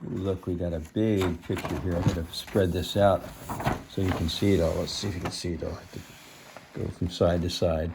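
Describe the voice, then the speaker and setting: A man reading a storybook aloud to children, pausing to explain words and show the pictures. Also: sits low, fairly even intonation, creaky, noisy background.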